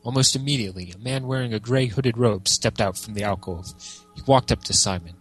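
A man narrating a storybook aloud with an amused, lively delivery. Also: fairly low pitch, brisk, husky, soft background music. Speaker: reader. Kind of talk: reading a book aloud.

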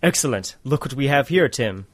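A man voicing an earnest, heroic hunter with a steady, slightly formal delivery while reading a storybook aloud. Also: mid-range voice, moderate pace, lightly acted.

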